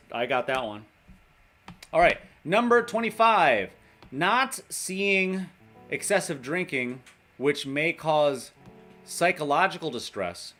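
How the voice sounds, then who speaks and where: A man's voice: a little high, fairly bright tone. Chatty man reading a list on a livestream. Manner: chatty, laughs often, reads a list aloud and talks to viewers. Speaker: livestream host in recovery. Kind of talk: casual livestream chat.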